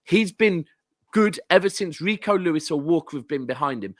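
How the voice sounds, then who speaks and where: A man's voice: a little high, lively intonation, moderate pace, dry recording, studio quality. A man with a southern English accent, a guest football fan ranting animatedly and swearing in casual podcast chat. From southern England.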